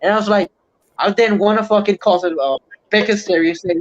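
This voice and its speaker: High-voiced man ranting. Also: fairly even intonation, fairly quick. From Puerto Rico. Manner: profane, heated ranting. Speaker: livestream host. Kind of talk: casual chat. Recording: muffled lo-fi stream audio.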